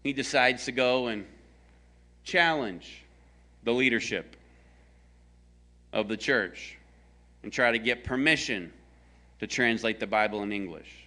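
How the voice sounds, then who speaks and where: A man's voice: mid-range voice, a little slow, pauses often, bright, forceful tone. A man from the American South preaching a conversational sermon, telling a story with jokes aimed at his congregation. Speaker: pastor.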